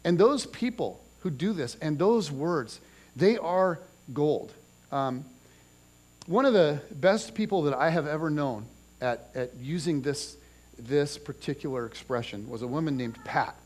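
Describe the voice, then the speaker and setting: A man's voice: fairly high pitch, unhurried. A man in his forties preaching a sermon in a church, talking in a loose, conversational way and telling family stories with lots of restarts. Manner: conversational, animated storytelling with restarts. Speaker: pastor. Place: church auditorium.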